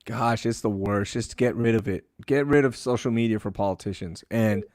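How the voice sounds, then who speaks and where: A man co-hosting a podcast in casual chat, ranting with animated, mocking energy. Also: on the low side, normal speed. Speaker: podcast co-host.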